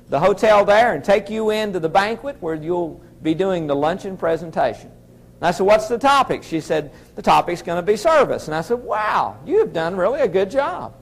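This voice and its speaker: A middle-aged man with a Southern American accent, telling a folksy story as a motivational speaker addressing an audience. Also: high voice. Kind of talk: storytelling keynote speech.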